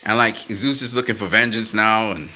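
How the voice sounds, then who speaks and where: Laid-back guy chatting on his live stream, really bright voice, lots of slang and laughing. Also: lowish voice, fairly even intonation, normal speed. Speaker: YouTube channel host. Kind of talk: casual live-stream chat.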